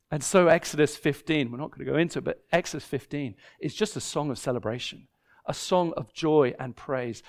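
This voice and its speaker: A man preaching from the pulpit, his voice pitched high for a man. He builds each point through short repeated phrases that rise and fall. Now and then he slips into voicing the people in his story. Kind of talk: expository sermon.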